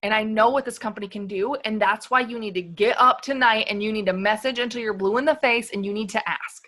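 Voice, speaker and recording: A woman on a video call giving an energetic, emphatic motivational sales talk, peppered with "like" and "you guys". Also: medium pitch, quick pace. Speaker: guest speaker on a sales team call.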